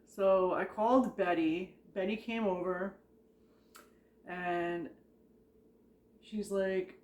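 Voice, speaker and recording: A chatty woman rambles through her workplace stories, stacking up "like" and breaking into laughter as she goes. Her voice sits at an ordinary middle pitch and carries the echo of a roomy space. It sounds like a casual vlog told straight to the camera. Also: fairly even intonation, slow, a little mellow. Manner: chatty, rambling, heavy use of "like", frequent laughter. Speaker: vlogger recounting retail work stories. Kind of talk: casual storytelling. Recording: echoey room.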